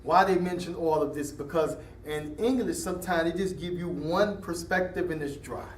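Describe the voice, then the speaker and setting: A man teaching an Islamic lesson in a casual classroom style, animated, mixing Arabic terms into his English. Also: on the high side, moderate pace, reverberant, recorded from a distance, a little hiss or hum. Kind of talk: classroom lecture with questions.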